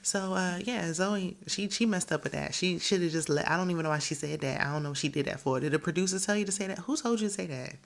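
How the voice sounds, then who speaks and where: A woman's voice: on the low side, fast talker, vocal fry, few pauses. A woman casually recapping a reality show in an opinionated, chatty way, often laughing and quoting the cast.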